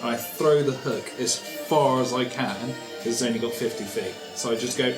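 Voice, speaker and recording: A man's voice: mid-range voice, normal speed, reverberant, over music, rough recording. A man playing a tabletop game, eagerly declaring his character's actions. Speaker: player.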